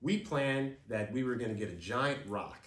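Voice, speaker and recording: A man's voice: mid-range voice, expressive, moderate pace, fairly bright tone. A man telling a dramatic story from his childhood as a speech, in vivid, dramatic storytelling. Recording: roomy, from a distance.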